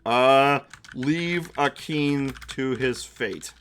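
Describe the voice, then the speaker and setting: A young man narrating a live-streamed tabletop game as game master, chatty with quick asides. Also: mid-range voice, a bit bright, a little hiss or hum. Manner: chatty, quick asides, laughs at own jokes.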